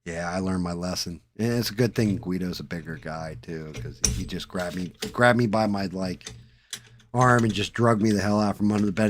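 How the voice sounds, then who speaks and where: A low-voiced man at normal speed hosts a live stream from his hobby desk, painting and talking into a headset. He swears casually and mutters while he works, with slight noise in the background.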